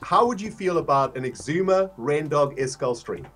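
A man's voice: fairly high pitch, expressive, moderate pace, fairly bright tone, soft background music. A man chatting casually on a livestream, laughing often and reading out donations.

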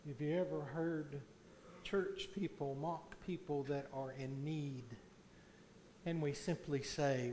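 A man preaching a sermon as pastor in a church, slow and deliberate, swelling loud on key points. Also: a little high, steady tone, a little hiss or hum. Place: church sanctuary.

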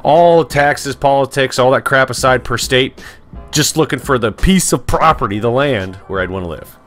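An easygoing man co-hosts a casual podcast, steering the talk with questions at a middle pitch. His phrasing is folksy and relaxed, and soft music sits faintly in the background. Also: moderate pace. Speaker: podcast co-host. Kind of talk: casual chat.

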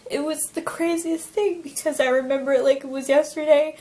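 A young woman from Alaska recounting a personal near-death experience, talking in an emotional, halting way with many fillers and restarts. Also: sits high, steady tone, low-quality recording. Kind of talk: personal testimony, casual storytelling.

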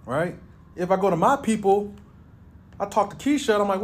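A man's voice: high-pitched, expressive, a little fast, pauses often. A man hosting a reaction video, talking bluntly and profanely in a riffing commentary.

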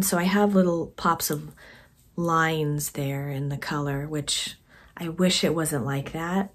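A woman vlogger chatting casually about her knitting projects in a soft, conversational way that often trails off quietly. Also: low-pitched, slightly rough. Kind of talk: casual chat to camera.

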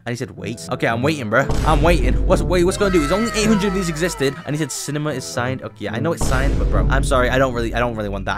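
A young man giving excited, pleading gameplay commentary as a gaming YouTuber. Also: fairly high pitch.

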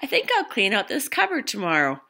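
A woman voicing a cheerful old grandpa who keeps all his things, read gently from a storybook. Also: mid-range voice, huge pitch swings, fairly quick, voice pushed up, exaggerated voice.

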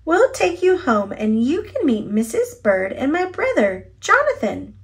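A woman voicing a kind, eager young girl in a storybook, warm and encouraging. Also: high voice, big pitch swings, a little slow, creaky, voice pushed up, exaggerated voice.

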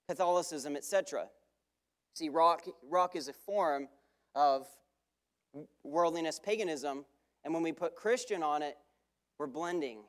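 A man preaches from the pulpit in a sermon style. His voice sits a little high, and he hammers home key phrases by repeating them. He breaks off now and then for quick asides where he corrects himself. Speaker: guest preacher.

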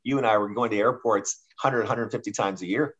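Middle-aged canadian guy, talks fast, cracks dry jokes at himself. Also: on the low side, husky, lo-fi sound. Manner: quick, self-deprecating jokester. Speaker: guest author. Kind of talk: casual interview chat.

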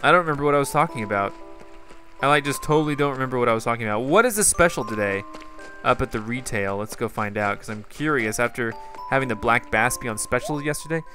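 A man's voice: medium pitch, expressive, fast talker, bright, forceful tone, soft background music. A man giving casual, rambling gameplay commentary and talking straight to his viewers. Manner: rambling, chatty, talks to viewers. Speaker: gaming YouTuber.

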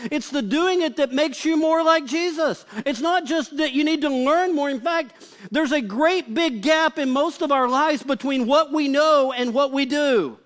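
A male pastor with a very high, slightly bright voice preaches a live sermon at an unhurried pace. His style is conversational and humorous, peppered with the filler word "like."

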